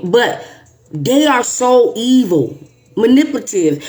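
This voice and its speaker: A woman, the host and a teacher, chatting casually with a guest as an animated, emphatic storyteller. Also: a little high.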